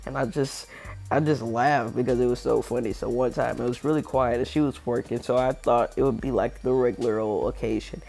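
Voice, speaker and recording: Teen guy, gravelly mid-pitched voice, loose slangy storyteller, faint music behind. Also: steady tone, a little fast, darkish tone. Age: teens. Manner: rambling, slangy, laid-back storytelling. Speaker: gaming channel storyteller. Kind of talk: casual storytime over gameplay.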